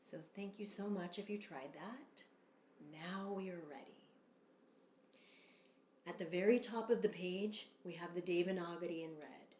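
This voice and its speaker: A woman teaching a yoga sutra lesson, speaking calmly and measured, leading chants. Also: fairly low pitch, reverberant, a little hiss or hum. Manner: calm, slow and measured, with long drawn-out chants. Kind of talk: Sanskrit sutra lesson with call-and-response chanting.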